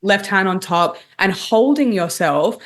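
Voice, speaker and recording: A woman dating coach, a guest on a podcast, calmly explaining techniques step by step in casual conversation. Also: medium pitch, a little slow, a little hiss or hum. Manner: calm, explanatory, walks through techniques step by step.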